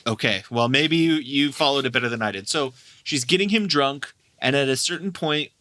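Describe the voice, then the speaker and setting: A man's voice: medium pitch, moderate pace, pushed and bright, no echo. A man co-hosting a movie podcast, casually recapping scenes, swearing freely and acting out lines. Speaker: podcast co-host.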